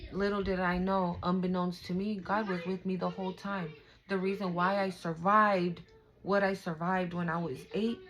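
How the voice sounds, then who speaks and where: A woman's voice: on the low side, a little hiss or hum, poor audio. A young woman giving a casual spiritual tarot reading, emphatic, emotional and profane, talking straight to her viewers. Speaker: tarot reader.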